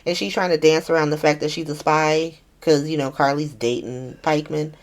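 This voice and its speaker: A woman's voice: sits low, steady tone, normal speed. A woman hosting a podcast, recapping a soap opera in casual, profane chat and acting out the characters' lines in shifting voices. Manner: chatty, profane, acts out quotes in shifting voices.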